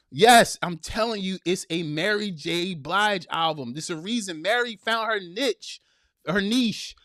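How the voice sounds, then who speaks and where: Man host, middle-aged, preachy and slangy, slightly high voice, dry close sound. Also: unhurried, fairly bright tone, no room sound. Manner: preachy, laughs a lot, drawls with slang. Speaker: podcast host reading live chat. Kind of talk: casual live-stream commentary.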